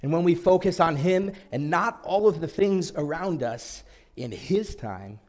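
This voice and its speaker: A man preaching a sermon, reading scripture aloud in an earnest way with dramatic pauses. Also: fairly high pitch, expressive, a little mellow.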